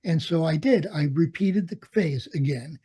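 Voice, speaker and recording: Older man telling a war story, mellow and husky. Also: a little high, moderate pace. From United States. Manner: animated storyteller, acts out quoted dialogue, laughs often. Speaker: interviewee, Vietnam veteran pilot. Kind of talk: storytelling in an oral history interview.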